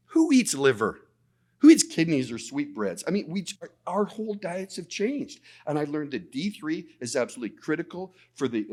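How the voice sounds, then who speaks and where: A man speaking at a conference, telling a personal story in an animated way, often repeating words and acting out the dialogue. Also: on the high side. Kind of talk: storytelling presentation. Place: conference talk.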